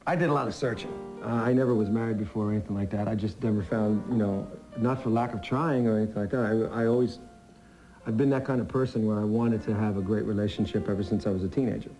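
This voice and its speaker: A middle-aged man in a reflective interview, speaking haltingly and filling gaps with "you know". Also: fairly low pitch, dark tone. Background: music.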